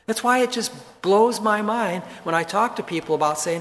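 Male pastor, slightly high voice, earnest conversational sermon with repeated words, long hall echo. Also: moderate pace, hardly any pauses, fairly bright tone, slight background noise. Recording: long reverb from a large hall.

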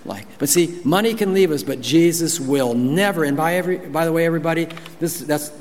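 A male pastor delivers a lively sermon, switching into higher voices to act out quotes and chuckling along the way. His voice sits a little high for a man, and long reverb trails each phrase as if from a large church hall. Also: brisk, a little hiss or hum. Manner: animated, acts out quotes in high voices, laughs.

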